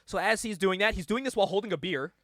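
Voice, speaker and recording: A man hosting a casual podcast, retelling a comic story in an animated way with plenty of swearing. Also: high voice, fast, no room sound, clean studio sound. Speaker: podcast host. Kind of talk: casual comic book chat.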